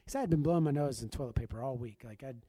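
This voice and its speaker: Husky mellow-voiced man telling a testimony. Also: medium pitch, very fast, dry recording. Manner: animated, acts out quoted dialogue. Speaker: preacher sharing a testimony. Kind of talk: storytelling testimony.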